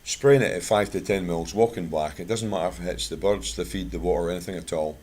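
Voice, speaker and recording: A man's voice: sits low, quick pace, a little mellow. A Scottish man from Scotland giving a chatty, plain-spoken talk to a bird club, mixing product advice with anecdotes. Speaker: guest speaker at a bird club.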